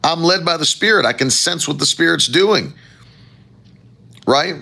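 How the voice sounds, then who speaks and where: A man preaching a sermon as pastor, with animated, emphatic rising phrases and a gravelly voice. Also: on the high side, unhurried.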